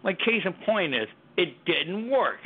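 A man's voice: high voice, very animated, measured pace, breathy edge. A man calling in to a talk show, ranting about politics in a heated, stumbling way and repeating himself. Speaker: caller. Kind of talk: heated political call-in rant. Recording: tinny phone line.

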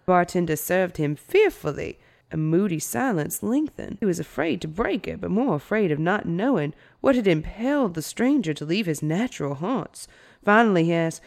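A woman's voice: on the low side, normal speed, gravelly. A woman co-hosting a podcast, reading a folktale aloud and then bantering playfully. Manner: lively storyteller, playful banter. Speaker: podcast co-host.

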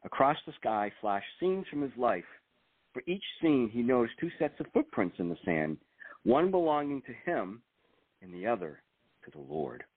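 This clip has the retired agent and author in a mid-range voice with big pitch swings and a breathy edge, no room sound, over a tinny, dry phone-like line. Soft-spoken and reflective, the older guest reads from his book and restarts haltingly.

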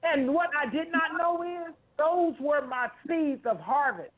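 A woman's voice: high voice, a little slow. Woman, fifties, talk-radio spiritual testimony, preacherly, repetitive, emphatic, tinny phone line. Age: 50s. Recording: phone-like narrow sound.

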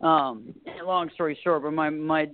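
A woman's voice: low-pitched, steady tone, measured pace, no echo. A middle-aged woman with a light Southern drawl talks in a chatty, rambling way, laughing easily as a guest. Her voice comes through a tinny phone line. The sound is dry, with no room around it. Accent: Southern US, light Texas drawl. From Southern United States. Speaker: guest, talk show host and life coach. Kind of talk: casual interview chat.

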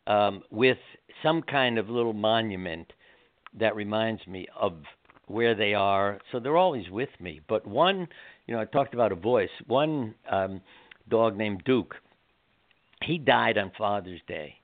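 An older man, a guest author, telling heartfelt stories in an animated, rambling way with many restarts, heard over a phone line. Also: on the low side, measured pace, no echo. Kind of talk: storytelling interview.

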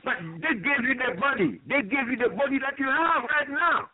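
High-voiced man lecturing over the phone. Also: normal speed, crowd noise. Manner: emphatic, lecturing, repeats for effect. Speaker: guest expert. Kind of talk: call-in radio talk. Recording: dry tinny phone line.

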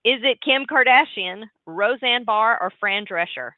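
A woman hosting an interview, chatty and lively. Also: on the high side, no room sound. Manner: chatty, lively, quick to laugh. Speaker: podcast host. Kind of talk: casual interview chat. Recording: dry phone-like line.

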